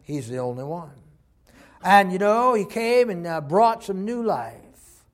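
A man preaching a sermon with passion, moving between loud emphatic lines and hushed, heartfelt ones. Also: high-pitched, sing-song, slow. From Texas.

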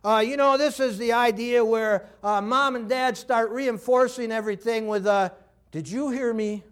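Older man, preacher, high voice, animated, lively sermon. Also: normal speed, smooth. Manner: animated, acts out quoted voices, laughs often. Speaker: pastor.

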